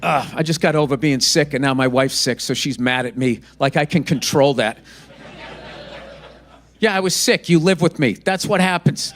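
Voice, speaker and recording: A man's voice: on the high side, moderate pace, a faint crowd. A man in his fifties doing a stand-up routine, ranting in an exasperated, profane way. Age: 50s. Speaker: stand-up comedian.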